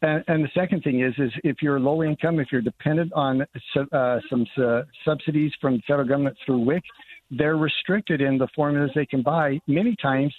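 A man's voice: fairly high pitch, fairly even intonation, brisk. An older man, a congressman, speaking earnestly as a guest in a radio interview by phone. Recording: tinny phone line.

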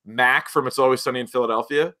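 A man talking through last night's episode in a loose, animated chat, often acting out scenes as he goes. His voice is bright and forward, with a medium pitch. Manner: animated, jumps between points, quotes scenes in quick asides. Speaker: podcast co-host. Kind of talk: casual TV recap chat.

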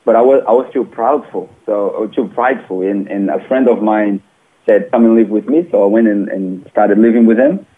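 Guest: man, low-ish voice, phone-line sound, earnest storyteller. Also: normal speed, husky. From Brazil. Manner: earnest, animated retelling with small grammar slips. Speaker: interview guest. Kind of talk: personal testimony storytelling.

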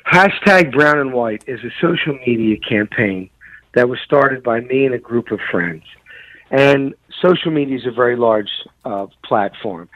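A middle-aged man, a radio show guest telling a painful story in a halting, repeating way, choked with grief. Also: mid-range voice, no room sound. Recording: muffled radio broadcast.

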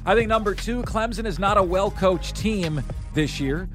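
A man hosting sports talk radio, running an energetic countdown and calling his listeners "folks". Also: high-pitched, moderate pace, faint music behind.

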